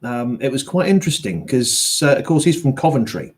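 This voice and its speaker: A middle-aged man from Yorkshire who narrates audiobooks, chatting in a book-club conversation. He rambles, restarts his sentences and fills his pauses with ums, in a plain mid-range voice. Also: mid-range voice, big pitch swings. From Yorkshire, England. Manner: rambling, many fillers and restarts.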